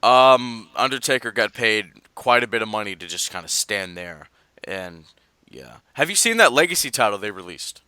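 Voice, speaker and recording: A man co-hosting a casual wrestling podcast, reading fan mail and rambling through his opinions in an animated way. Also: lowish voice, normal speed, smooth, dry recording. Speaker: podcast co-host.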